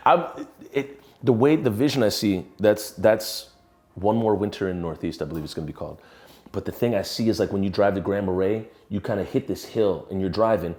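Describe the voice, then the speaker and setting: Man, songwriter type, lowish voice; loose, rambling, relaxed delivery. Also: a little fast. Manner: rambling and relaxed, with many restarts; swears casually. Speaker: musician and songwriter. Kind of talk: casual talk about a song in progress.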